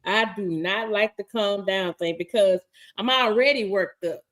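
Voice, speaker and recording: A woman's voice: mid-range voice, a little slow, fairly bright tone. A woman co-hosting a casual talk stream, laughing often, repeating herself, and reading viewer comments aloud. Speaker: podcast co-host reading live chat. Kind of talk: casual chat.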